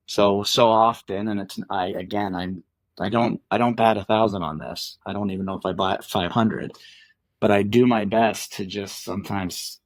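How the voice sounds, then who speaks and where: A man's voice: lowish voice, steady tone, moderate pace. A middle-aged man and father, a podcast guest, talking earnestly and thoughtfully with many restarts. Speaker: guest, former Olympic athlete. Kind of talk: reflective conversational interview.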